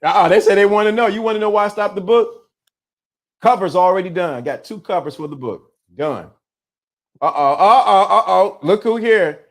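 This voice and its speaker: A man hosts a casual livestream and talks straight to his chat. He teases and laughs often. His voice sits a little high for a man. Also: moderate pace. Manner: animated, teasing, laughs often. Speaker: livestream host. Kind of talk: casual live-stream chat.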